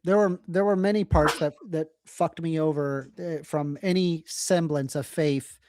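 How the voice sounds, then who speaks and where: A live stream co-host telling stories in a casual, animated and profane way. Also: medium pitch, measured pace, background noise. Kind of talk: casual debate review chat.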